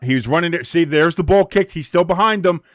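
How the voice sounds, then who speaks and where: A man hosting a live match watch-along in casual chat. He gets excited easily, swears freely, laughs often and shouts at big moments. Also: a little high, fast, no echo, clean studio sound.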